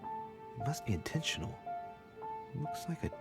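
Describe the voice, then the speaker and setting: An actor voicing a young nobleman in a game, calm and serious in a measured, reserved way, over game music. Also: mid-range voice, gravelly. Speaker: video game character. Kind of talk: game dialogue.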